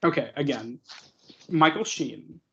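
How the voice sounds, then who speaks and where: A man's voice: mid-range voice, unhurried, gravelly, husky. A young man co-hosting a podcast, rambling and mocking in a casual chat full of fillers. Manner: rambling, mocking, many fillers, laughs often. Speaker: podcast co-host. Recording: dull lo-fi recording.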